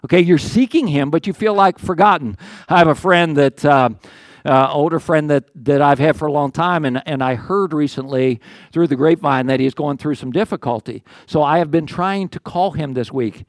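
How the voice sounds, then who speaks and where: An older man preaches in an earnest, conversational way, stumbling and restarting as he works through his points. His voice sits high for a man, and the sound is dry and close with almost no room around it. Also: moderate pace, no room sound. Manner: conversational, earnest, with many restarts and acted quotes of the psalmist. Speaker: pastor. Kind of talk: sermon.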